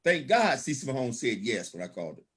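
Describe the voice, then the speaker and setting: At a business opportunity event, a male guest speaker gives a motivational storytelling talk in a medium-pitched, sing-song voice with a breathy edge, talking fast. He laughs often and calls out praise in a folksy, preacher-like way.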